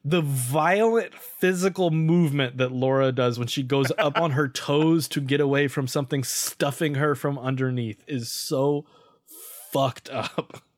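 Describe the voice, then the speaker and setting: A man hosting a podcast, giving a casual comedic recap of a sitcom episode and bursting into loud, animated asides. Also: medium pitch, measured pace, no room sound, studio quality. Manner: animated, swings into loud bursts and mock quotes.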